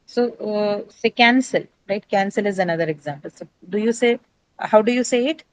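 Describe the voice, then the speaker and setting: A woman's voice: mid-range voice, moderate pace, poor audio. A woman teaching English pronunciation in an online class, explaining patiently step by step and checking in with tag questions.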